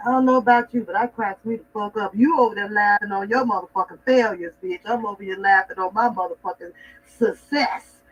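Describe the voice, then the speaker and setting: A woman's voice: medium pitch, fairly quick, husky, distant mic. A woman hosting a livestream, ranting casually in a mocking, rambling and profane way. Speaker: livestream host. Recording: dull lo-fi sound from off-mic.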